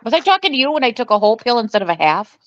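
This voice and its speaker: A woman's voice: fairly high pitch, big pitch swings, very fast, highs cut off, a little hiss or hum. A woman chatting casually over a video call, making blunt, joking remarks. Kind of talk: casual chat on a live stream.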